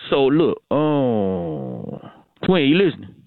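A man's voice: medium pitch, huge pitch swings, slow pace, creaky, no room sound. A man calling into a radio show, rambling in a repetitive, drawling way that climbs into sing-song preaching. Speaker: recurring caller on a morning radio show. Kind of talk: rambling comic phone call. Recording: tinny dry phone line.

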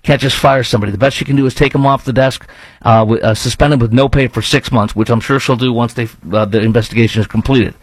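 Opinionated radio host with a Chicago accent. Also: male voice, mid-range voice, steady tone, fast, dry recording, rough recording. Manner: opinionated, rambling, argues with imagined callers. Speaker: radio talk show host. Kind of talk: talk radio monologue.

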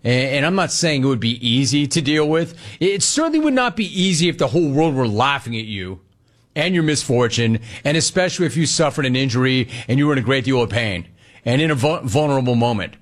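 A man's voice: medium pitch, animated, a little fast. A man hosting sports talk radio, delivering an emphatic monologue and repeating lines for punch, into a studio microphone.

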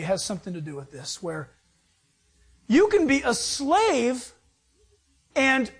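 A preacher giving a sermon, dramatic, jumping between loud bursts and hushed, intimate asides. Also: high-pitched.

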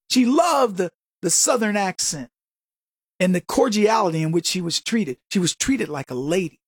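A man hosting a radio talk show, delivering an animated, mocking, emphatic opinion monologue. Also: high-pitched, moderate pace, slightly rough, no room sound, studio quality.

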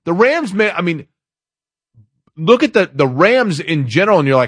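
A man's voice: on the high side, expressive, moderate pace, husky, no echo, clean studio sound. A man hosting a sports talk show, chatting casually and opinionated, rambling as he reads out a listener's email. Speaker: sports radio host.

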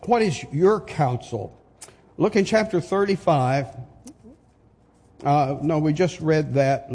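A man's voice: on the high side, warm tone, breathy edge, in a large hall. An older man preaching a sermon, pressing his points with emphatic rhetorical questions.

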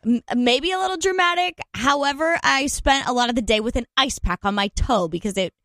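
A woman in her thirties co-hosting a morning radio show, telling a story in a giggly, animated way. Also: sits high, brisk, gravelly, no room sound. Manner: animated, giggly, acts out quotes. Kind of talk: casual on-air chat, storytelling. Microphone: studio microphone.

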